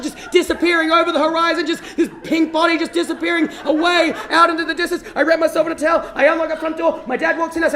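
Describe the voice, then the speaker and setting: A man telling a long personal story on stage as a stand-up comedian, animated and swinging from hushed lows to shouted bursts. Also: fast talker, echoey room. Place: stage before a live audience.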